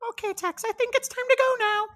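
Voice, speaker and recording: A woman voicing a tiny, eager bird companion who speaks excitedly and politely. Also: extremely high pitch, fast, pitched above the performer's own voice.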